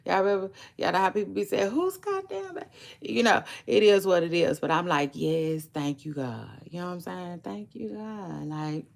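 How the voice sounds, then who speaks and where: Woman, 30s, casual livestream chat, rambling, fry in the voice. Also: lowish voice. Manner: rambling, drawn-out, repeats phrases; slow, gravelly, laid-back delivery. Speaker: livestream vlogger.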